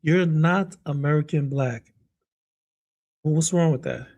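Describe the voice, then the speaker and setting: A man's voice: fairly high pitch, a little slow, darkish tone. A man hosting a live stream, greeting chat viewers by name and chatting loosely about clips, often trailing off mid-sentence. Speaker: streamer host reacting to clips. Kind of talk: casual live-stream commentary.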